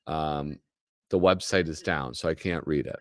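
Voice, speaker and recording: With a very deep, steady voice at normal speed, a man hosts a live show and offers loose, rambling commentary. Clean studio audio without room sound carries his joking asides, which tend to trail off mid-thought.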